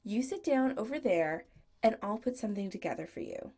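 A woman's voice: medium pitch, lively intonation, fairly quick, gravelly, dark tone, slightly rough. A woman voicing a flamboyant male goth punk shop owner who teases and bosses his friend fondly. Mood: teasing. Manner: fond and bossy teasing.

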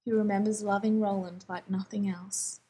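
Very breathy woman reading a story. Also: medium pitch, level tone, moderate pace, dark tone, poor audio. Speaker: audiobook reader. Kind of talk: reading fan fiction aloud.

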